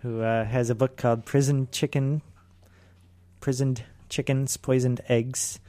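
Guy hosting a local radio show, smooth steady voice, kinda flat, lots of uhs. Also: medium pitch, no room sound. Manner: laid-back, halting with fillers. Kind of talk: casual radio chat.

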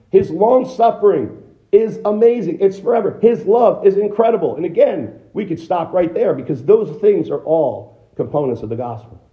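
Male American pastor, fairly high voice, conversational sermon delivery with rhetorical questions, dull muffled recording. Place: church sanctuary.

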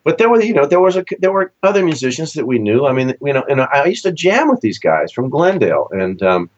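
In a muffled recording, a session musician from Southern California speaks briskly as he tells long, casual stories in an interview. He's an animated storyteller, performing the voices of the people he quotes with big jumps in pitch.

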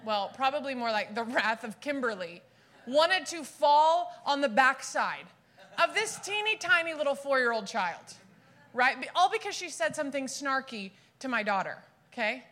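Southern woman, conference speaker, sermon style, animated storyteller with a bright, sharp tone. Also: high voice, moderate pace. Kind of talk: sermon with personal stories.

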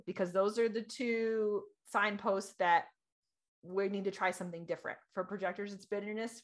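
A woman in her thirties chatting casually as a podcast co-host, animated and laughing, acting out quoted voices. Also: medium pitch. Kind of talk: casual chat.

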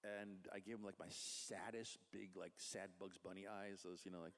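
Lower-pitched male comic artist, casual storyteller, animated, slips into voices for the people in his story. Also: normal speed.

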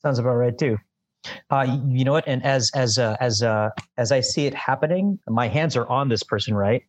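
A man's voice: mid-range voice, moderate pace, no room sound. Rambling male tabletop player. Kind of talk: casual tabletop game play.

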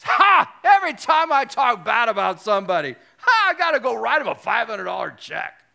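A man's voice: very high-pitched, sing-song, moderate pace, creaky, full character voice. A man impersonating an exuberant older man who cackles and whoops as he talks. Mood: gleeful. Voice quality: loud, whooping.

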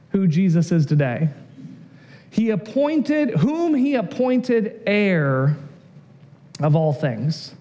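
A man in his thirties preaching a sermon in an animated, jokey way, often rising to a shout. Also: high-pitched. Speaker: pastor.

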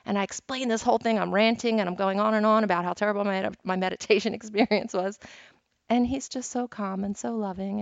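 Chatty and casual, this meditation podcast host teaches through stories and laughs frequently. She speaks briskly in a creaky, mid-range voice with fairly even intonation, on a dry, dull, lo-fi recording.

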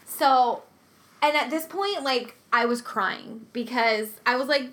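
Woman, high bright voice, casual storyteller full of "like" and acted-out quotes. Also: takes it slowly. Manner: animated storytelling, acting out quotes with lots of "like". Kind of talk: casual chat.

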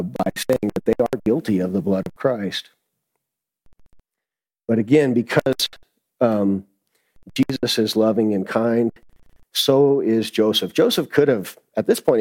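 A man's voice: on the low side, darkish tone, poor audio. A man giving a conversational sermon as a Bible teacher, reading scripture aloud and then explaining it in loose everyday talk.

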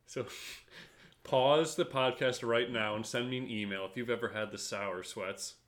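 A man's voice: mid-range voice, unhurried, a bit bright. A young man co-hosting a podcast in a joking, rambling chat, full of "like". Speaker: podcast co-host. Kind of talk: casual chat.

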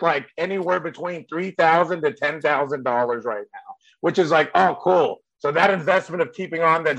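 A man's voice: a little high, vocal fry, a bit bright, no room sound, low-quality recording. A male comedian telling a story in casual chat, rambling and profane with many fillers.

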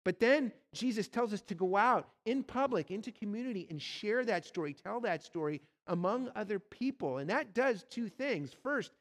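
Slightly high-voiced male preacher. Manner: storytelling, direct address to the congregation. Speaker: pastor. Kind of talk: sermon.

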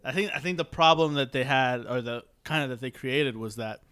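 A young man in casual podcast chat, animated and laughing often, with quick impressions of film lines. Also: mid-range voice, smooth. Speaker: podcast co-host.

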